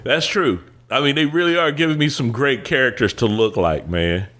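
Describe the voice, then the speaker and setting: A man hosting a podcast, telling stories in casual chat with animated delivery and casual swearing. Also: medium pitch, moderate pace. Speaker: podcast host.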